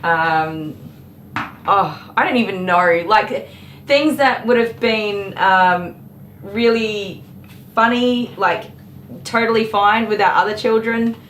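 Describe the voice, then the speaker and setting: A middle-aged woman who works as a dog groomer and chats casually while she works. She is dry and sarcastic, laughs often, and gently scolds the dog on the table. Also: medium pitch, takes it slowly. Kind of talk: casual chat while working. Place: grooming salon indoors. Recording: echoey room with clipper noise. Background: electric clippers buzzing.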